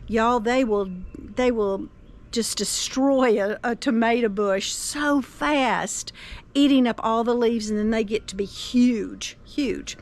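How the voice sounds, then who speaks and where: A woman's voice: a little high, slow. A woman, chatting casually to camera outdoors in her garden and telling a story with plenty of filler words. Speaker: gardening vlogger.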